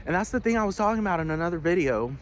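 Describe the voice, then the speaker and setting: A man's voice: sits high, animated, racing, slight background noise. Profane ranting man vlogger. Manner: profane, heated, many restarts. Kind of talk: casual ranting monologue.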